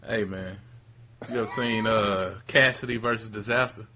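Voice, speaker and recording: A man co-hosting a casual sports chat, laid-back and quick to chime in with agreement. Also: lowish voice, fairly even intonation, bright, forceful tone, slight background noise. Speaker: podcast co-host.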